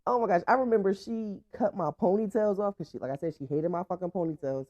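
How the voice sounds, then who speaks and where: A woman's voice: mid-range voice, fast talker, warm tone, no room sound. A young woman hosting her own show, telling stories in a blunt, profane, laughing way. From Franklin, Virginia, USA. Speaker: podcast host. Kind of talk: casual storytime monologue. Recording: dull, dry lo-fi sound.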